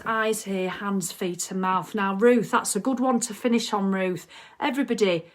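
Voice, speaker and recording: Chatty woman on a live stream. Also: medium pitch. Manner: chatty, animated, reads viewer comments aloud. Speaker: wellness coach hosting a live video. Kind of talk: casual live-stream chat.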